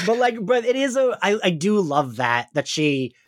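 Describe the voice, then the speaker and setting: This animated woman speaks with a South Jersey, Philadelphia-area accent, her pitch leaping up and down as she acts out quotes and laughs between thoughts. She is co-hosting a casual podcast chat in a dry, close-sounding space. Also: dry recording. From New Jersey, near Philadelphia. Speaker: podcast co-host.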